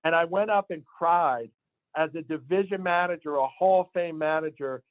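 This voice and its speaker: A man, a sales division manager, telling an emphatic, animated motivational story to his team. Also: on the high side, moderate pace, dry recording. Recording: tinny phone-line sound, dry.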